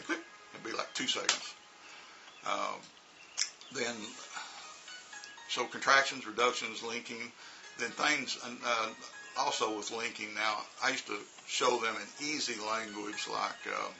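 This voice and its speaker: A man's voice: lowish voice, fairly even intonation, unhurried, creaky, pushed and bright, poor audio. A middle-aged American man talking casually as an English teacher in a vlog, demonstrating pronunciation with spoken examples. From United States. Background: background music.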